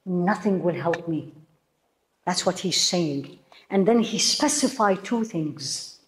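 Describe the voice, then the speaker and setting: A woman's voice: fairly low pitch, lively intonation, slow pace, reverberant. A woman teaching a religious lecture to a room of women, emphatic and full of rhetorical questions to her listeners. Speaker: Islamic teacher.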